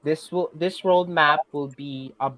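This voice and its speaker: A teacher with a Filipino accent giving a class lesson, patiently checking in with students and pausing on fillers. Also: mid-range voice, steady tone, a bit bright, no room sound, low-quality recording. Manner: patient, checks in with "okay?" often; hesitant, many fillers and restarts.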